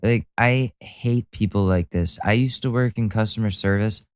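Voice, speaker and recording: Male podcast host from Connecticut, casual profane rant, low resonant voice, dry booth sound. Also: normal speed, smooth, no room sound. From Connecticut, USA. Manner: loose, profane, animated ranting with filler restarts. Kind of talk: casual ranting commentary.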